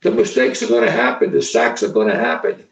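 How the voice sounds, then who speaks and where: A man's voice: high-pitched, wildly swooping pitch, fairly quick, vocal fry. An older man, a football coach, talking bluntly in a podcast interview, profane and repetitive, checking in with "okay?" and "right?". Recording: echoey distant lo-fi stream audio.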